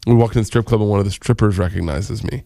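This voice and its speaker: A male comedian telling rambling stories as a guest in a radio studio, laughing often and jumping up in pitch when quoting people. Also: fast talker, vocal fry, mellow, no room sound. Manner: rambling, laughing, jumps high for quoted voices. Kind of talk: casual radio interview storytelling.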